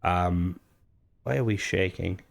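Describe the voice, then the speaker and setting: A young man, a gaming content creator and streamer, talks through gaming news in a relaxed, unscripted commentary. His somewhat low, creaky voice rambles and meanders, hesitating and restarting sentences as he thinks aloud like a streamer chatting to viewers.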